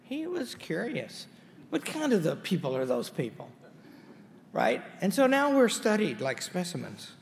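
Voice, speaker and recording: Gravelly older-sounding college head, lively pitch, wry folksy speech in a reverberant hall. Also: male voice, unhurried, slight background noise. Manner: wry, folksy storytelling with asides. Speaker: college president. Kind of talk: anniversary speech to an audience. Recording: hall reverb with faint ambience.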